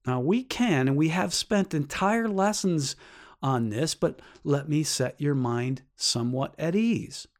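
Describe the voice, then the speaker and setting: Slow, earnest man teaching a Bible lesson. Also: lively intonation. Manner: earnest, explaining with rhetorical questions; rises sharply in pitch for emphasis.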